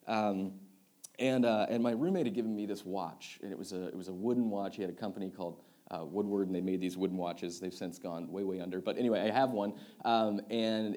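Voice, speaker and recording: A young man, a youth pastor, preaching a sermon built around a personal story, swinging from loud excited retelling to quiet earnest reflection. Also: on the low side.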